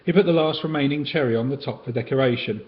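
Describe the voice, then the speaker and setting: A man reading children's picture books aloud in a gentle, sing-song storytelling way, on a dull, lightly hissing recording. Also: mid-range voice, quick pace.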